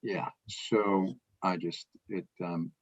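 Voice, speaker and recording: Male co-host, low voice, emphatic and animated delivery, lo-fi dull recording. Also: takes it slowly, husky. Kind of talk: casual news chat.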